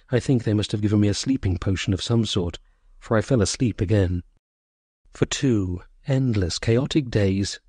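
A man narrating a short story as an audiobook, in a measured, sorrowful first-person voice. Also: on the low side, darkish tone, husky, no echo, studio quality.

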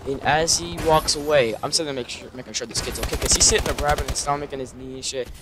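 Talking quickly at medium pitch, a young man gives loose, rambling commentary on his gameplay as a gaming YouTuber while game gunfire sounds behind him. He's subdued, swears a lot, and uses plenty of fillers.

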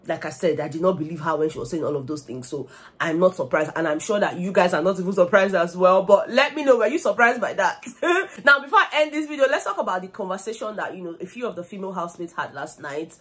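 A young woman with a Nigerian accent giving gossipy, animated commentary on a reality show, slipping into Pidgin. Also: on the low side. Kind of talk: casual vlog commentary.

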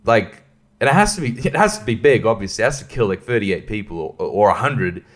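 A man's voice: on the low side, animated, a little fast. A man hosting a casual solo podcast, rambling and swearing freely, often breaking into laughter. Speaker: podcast host.

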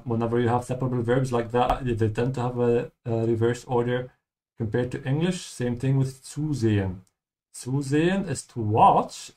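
A man's voice: medium pitch, a little mellow. Male language teacher, patient, explanatory, playthrough lesson. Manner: patient, explanatory, repeats words slowly.

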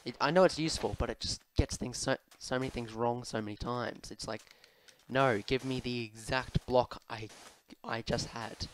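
Over a noisy background, a young gaming host offers casual commentary as he plays and works through viewer questions. His medium-pitched voice stays steady at normal speed, though he keeps restarting, saying um, mocking himself and sounding a little sore in the throat.

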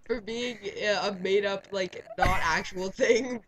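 A man's voice: high voice, unhurried, crowd noise, poor audio. A man co-hosting a let's play, chatting casually and laughing often as he comments on the game. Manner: giggly, rambling, jokey.

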